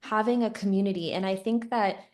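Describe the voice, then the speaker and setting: A woman's voice: mid-range voice, fairly even intonation, a little fast, darkish tone. A woman hosting a podcast interview, speaking in a reflective, agreeable way with "like" as a filler. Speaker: podcast host.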